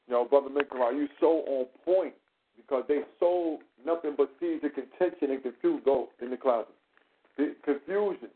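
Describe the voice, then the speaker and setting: High-voiced man on a tinny radio line. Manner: animated, profane, acts out dialogue. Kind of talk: casual radio talk, storytelling.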